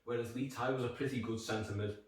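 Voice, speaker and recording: A man's voice: mid-range voice, fairly even intonation, a little fast, far from the mic. A man with a Liverpool Scouse accent reviewing a beer in rambling, jokey, sweary chat. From Liverpool, England. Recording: echoey room, voice off-mic.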